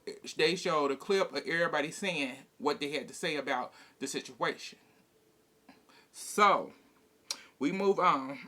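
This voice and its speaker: Guy ranting thru a reality tv recap, bright slightly high voice, blunt n messy. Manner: blunt, profane, gossipy retelling with quoted dialogue. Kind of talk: casual episode recap and opinion.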